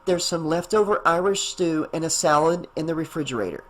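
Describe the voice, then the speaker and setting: A busy, hurried single mother, read by a man in an audiobook. The voice is only slightly raised and sounds mildly worried. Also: fairly high pitch, close to an everyday voice, low-quality recording.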